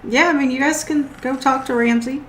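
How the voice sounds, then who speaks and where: A woman's voice: sits high, steady tone, fairly quick, a bit bright, reverberant. A woman narrating a tabletop role-playing game as game master, in a loose, filler-filled way. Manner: loose, with frequent fillers and restarts.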